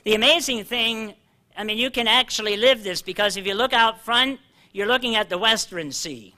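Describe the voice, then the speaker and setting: An older man preaching a sermon, animated and joking at himself, slowing down to read scripture aloud. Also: high-pitched. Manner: animated, self-deprecating, reads scripture slowly. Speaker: pastor. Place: church hall.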